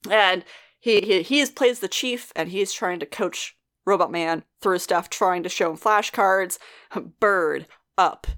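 A woman's voice: fairly low pitch, a bit bright. A woman co-hosting a podcast, giving a casual, laughing recap of a TV episode and swearing freely. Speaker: podcast co-host.

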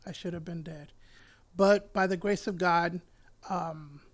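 Speaking at a measured pace, a Puerto Rican pastor and church elder in middle age recounts how he came to faith. His high-pitched voice keeps a steady tone while the sincere, heartfelt telling grows emotional at times.

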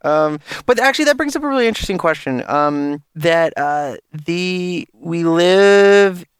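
A man's voice: sits high, expressive, measured pace, clean tone, dry recording. A man in a casual podcast chat, crude and joking, rambling with restarts.

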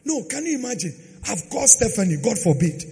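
A pastor preaching a dramatic sermon, swinging from loud sung phrases to quiet asides. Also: male voice, high-pitched, sing-song, brisk, vocal fry. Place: church hall. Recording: long hall reverb with faint music.

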